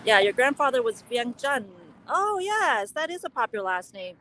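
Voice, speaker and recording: Lao-born woman, native Lao speaker, chatty live-stream vlogger outdoors, slightly high pitch. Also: very animated, normal speed, a bit bright, a little hiss or hum. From Laos. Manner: chatty, reads and answers viewer comments. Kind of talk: casual chat while live streaming. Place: outdoors on city streets.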